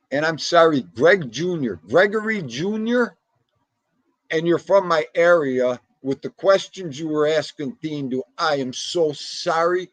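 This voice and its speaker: A man hosting a casual livestream, talking to his chat with a gravelly, husky voice. He is chatty and excitable, and his pitch leaps up suddenly as he talks, over a dry, close sound with no room echo. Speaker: livestream host.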